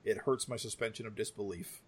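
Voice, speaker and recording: Husky-voiced wry male co-host. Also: lowish voice, a little fast. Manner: wry, reasoned opinions with dry jokes. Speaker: podcast co-host. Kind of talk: casual chat.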